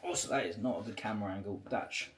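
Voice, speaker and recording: A man's voice: lowish voice, racing. A man chatting casually on a livestream, rambling and swearing a lot. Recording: echoey room.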